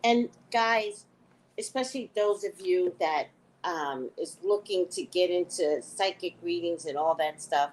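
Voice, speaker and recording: A woman's voice: on the low side, measured pace, poor audio. A woman hosting a casual book discussion. She talks candidly and laughs while telling stories. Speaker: host.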